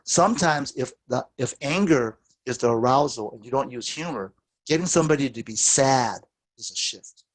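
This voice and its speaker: A man teaching a therapy workshop, telling lively anecdotes and acting out what people said. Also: moderate pace. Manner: animated storytelling, acts out quoted lines with big pitch jumps. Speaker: therapist and lecturer.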